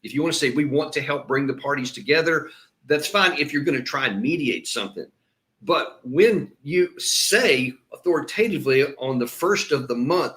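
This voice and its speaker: A man's voice: on the high side, normal speed, a bit bright. A man hosting political commentary, talking emphatically and often breaking off to restart his sentences. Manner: emphatic, repeats words when stressing a point. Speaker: host and commentator. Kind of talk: solo political commentary with played clips.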